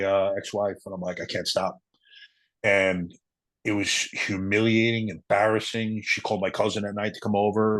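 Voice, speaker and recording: Man, middle-aged, deep, even delivery, earnest, halting, interview guest. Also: dry recording, rough recording. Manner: earnest, halting, emotional storytelling. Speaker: retired police officer, guest. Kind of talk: personal story in an interview.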